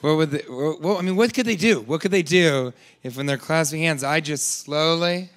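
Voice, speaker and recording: A man doing a stand-up comedy set, deadpan with rambling asides, audience laughing. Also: on the high side, normal speed, slight background noise.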